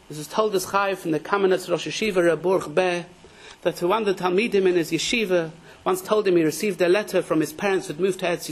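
High-voiced man giving an animated religious lesson. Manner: dramatic storyteller who raises his voice when quoting people. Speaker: rabbi teaching a Torah class. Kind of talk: animated religious lecture with acted-out stories.

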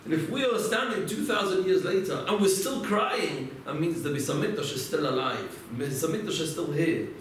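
A man's voice: high-pitched, fairly bright tone, slight background noise. Man lecturing in an echoey room. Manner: storytelling, asks and answers his own rhetorical questions. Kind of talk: religious lecture. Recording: echoey room, mic far off.

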